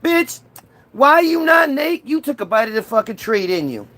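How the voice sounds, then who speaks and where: A man voicing a furious, petty male God who shouts crude, slangy complaints. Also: high-pitched, expressive, a little slow, voice pushed up. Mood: enraged.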